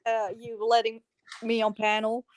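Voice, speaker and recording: A woman's voice: a little high, monotone, a little slow, smooth, dry recording. A woman joining a livestream as a panel guest, chatting casually and laughing easily.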